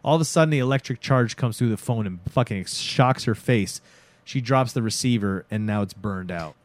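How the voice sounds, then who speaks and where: A man in casual podcast chat, recapping a show with excitement, swearing freely and acting out the scenes. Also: mid-range voice, normal speed. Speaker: podcast co-host.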